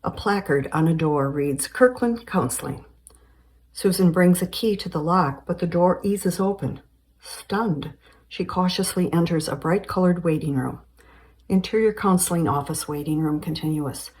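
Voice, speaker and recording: A woman reading a screenplay aloud, calmly stating scene headings and directions. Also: fairly low pitch, normal speed, low-quality recording. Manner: steady, matter-of-fact delivery of scene directions. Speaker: screenplay reader.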